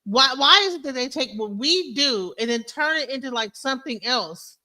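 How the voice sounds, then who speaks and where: A woman reacts to clips on her stream in loose, animated commentary. Her voice sits high and sounds bright and forceful, and her disbelief comes through as she talks straight to her viewers. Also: normal speed. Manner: animated, incredulous, talks to viewers as "bro" and "y'all". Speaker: stream host.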